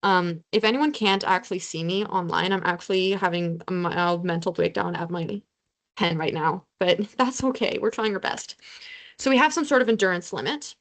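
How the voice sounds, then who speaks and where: A woman's voice: fairly low pitch, moderate pace, a bit bright. A young woman tutoring a review session over a video call, casual and self-deprecating as she explains formulas. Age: young adult. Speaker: student tutor. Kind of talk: online review lesson.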